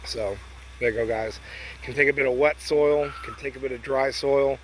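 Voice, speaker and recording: A man giving a casual outdoor garden vlog among his fruit trees, chatty and relaxed, sometimes talking around a mouthful of berries. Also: mid-range voice, normal speed. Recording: outdoor noise with chickens and a rooster.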